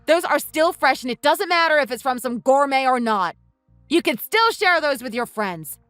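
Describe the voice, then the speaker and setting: A woman's voice: high voice, expressive, moderate pace, a bit bright, no room sound, soft background music. A woman playing an exasperated young wife. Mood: indignant. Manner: earnest, exasperated scolding. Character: indignant young wife defending her family. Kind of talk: voiced texting story.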